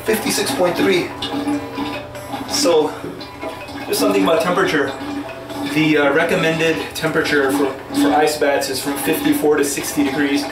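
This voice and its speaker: A man's voice: fairly high pitch, steady tone, moderate pace, over loud music. A man vlogging from an ice bath in his bathroom, shivering and breathing heavily, rambling and swearing as he talks himself through the cold. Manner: rambling, profane, self-talk between gasps. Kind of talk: casual vlog narration. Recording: echoey bathroom, mic at a distance.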